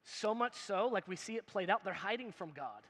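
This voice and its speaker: A man's voice: high-pitched, animated, normal speed, fairly bright tone. A male pastor giving a sermon, emphatic and conversational, asking the crowd questions and joking with them. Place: church hall. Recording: long hall reverb in a church.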